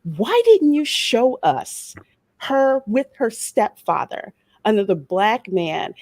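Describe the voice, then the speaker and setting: A woman's voice: on the high side, very animated, slow pace, darkish tone, no room sound. A woman panelist with a Louisiana Creole accent in a heated discussion, speaking emphatically and sarcastically with building indignation.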